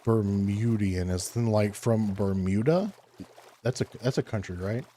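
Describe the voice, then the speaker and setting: A man streaming a block-building game, chatting casually with his chat in a laid-back, rambling way and thinking aloud between pauses. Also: on the low side, animated, warm tone, slight background noise. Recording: faint music underneath.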